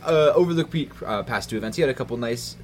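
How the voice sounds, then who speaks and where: A man, the fantasy league commissioner on a casual podcast, chatty and quick to laugh as he runs through the standings. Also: medium pitch, expressive, darkish tone, a little hiss or hum.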